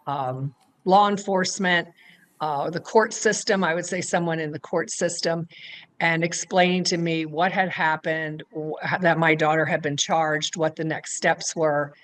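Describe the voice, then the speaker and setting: A woman's voice: sits low, a bit bright. A woman giving recorded testimony about being targeted by a scam, in a plain, reflective manner.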